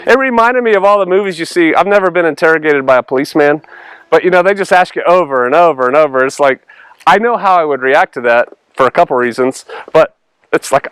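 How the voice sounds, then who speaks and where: A man's voice: high-pitched, lively intonation, brisk, a bit bright, smooth, dry recording. A male pastor teaching through a Bible passage in a conversational way, acting out the dialogue with sarcastic voices and laughter.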